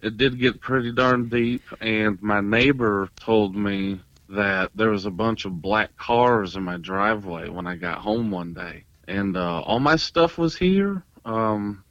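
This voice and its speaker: Man, casual storyteller, excitable and animated, slightly dull lo-fi sound, dry room. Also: fairly low pitch, a little slow, hardly any pauses, dry recording. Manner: animated, excitable retelling with many fillers. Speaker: podcast guest, paranormal investigator and tattoo artist.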